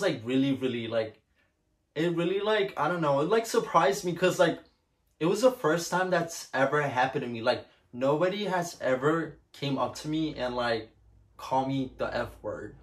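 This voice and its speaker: A man's voice: medium pitch, fairly bright tone. A young man casually telling a personal story to the camera, chatty and full of filler words. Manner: chatty, lots of "like" fillers, laughs often.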